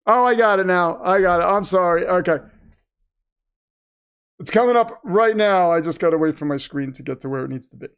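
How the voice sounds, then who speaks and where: A man hosting a live watch-party stream from a home setup, chatting casually and breaking into loud wrestling-announcer shouts. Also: high-pitched, a little fast, clear, resonant tone. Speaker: livestream host.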